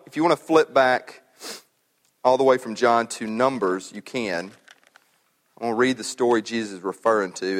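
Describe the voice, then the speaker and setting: A man preaching a sermon as pastor, in a conversational way, often repeating words as he thinks aloud. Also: medium pitch. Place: church sanctuary. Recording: long hall reverb.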